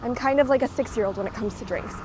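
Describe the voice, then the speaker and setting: A woman's voice: on the high side, fast, noisy background. A young woman rambling in a chatty walking vlog, full of fillers and a little out of breath from walking outdoors. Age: young adult. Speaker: vlogger. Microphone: handheld recording device with clip mic.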